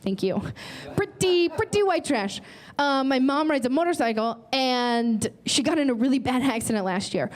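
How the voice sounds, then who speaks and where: Brash high-voiced woman doing stand-up. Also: animated, moderate pace. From North Carolina. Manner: brash, bawdy punchlines. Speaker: stand-up comedian and host. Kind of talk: stand-up comedy set. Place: comedy stage with live audience.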